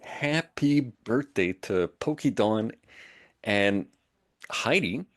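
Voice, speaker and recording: A man's voice: fairly low pitch, lively intonation, takes it slowly, a bit bright. A man from Montreal with a Quebec French accent, co-hosting a live stream in casual chat, laughing often and joking in French. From Montreal, Canada. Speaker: co-host of a live show.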